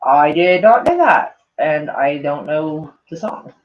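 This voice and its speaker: A woman's voice: deep voice, lively intonation, takes it slowly. Rambling casual woman vlogger, lo-fi sound. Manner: rambling, heavy on "like", swears often. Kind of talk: casual reading and reacting to tweets. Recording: dull lo-fi sound.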